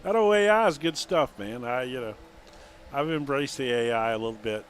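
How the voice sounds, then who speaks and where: A man's voice: mid-range voice, normal speed. Rambling middle-aged man on a noisy mic. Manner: rambling, easygoing, many fillers. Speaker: color commentator. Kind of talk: sim racing color commentary.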